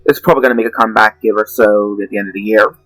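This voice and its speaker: A man's voice: fairly low pitch, fairly even intonation, racing, a bit bright, dry recording, low-quality recording. A man reading a character rundown in a dramatic, theatrical way with playful asides, then slipping into casual chat. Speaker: guest narrator.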